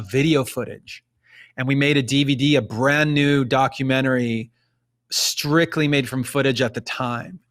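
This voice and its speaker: A man's voice: medium pitch, a bit bright. A man in his forties, a musician guest, chatting casually in an interview and rambling with many restarts.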